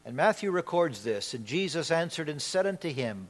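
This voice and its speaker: A male pastor preaching a sermon in a church, emphatic, swinging between loud declarations and quiet, slow asides. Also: fairly high pitch, lively intonation. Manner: emphatic preaching with dramatic swings in loudness and pace.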